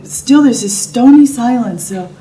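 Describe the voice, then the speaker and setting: A woman's voice: on the high side, lively intonation, a little slow, warm tone. A middle-aged woman telling a personal story vividly, acting out what people said. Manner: vivid storyteller who acts out the quotes. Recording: roomy, distant and noisy.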